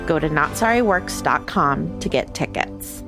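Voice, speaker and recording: Lively wry woman podcast host. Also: sits low, over music. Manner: lively, wry and playful, quick asides. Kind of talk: scripted intro then casual chat.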